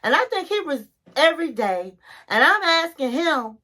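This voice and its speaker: A woman with a high, bright voice dishes on a reality show episode. She retells it like gossip between friends and keeps calling the listener honey. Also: sing-song, moderate pace. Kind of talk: casual episode recap.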